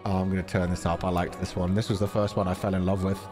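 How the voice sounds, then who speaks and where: A man commentating a game on a livestream, excitable and laughing, swearing freely. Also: low voice, fast, over music. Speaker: streamer.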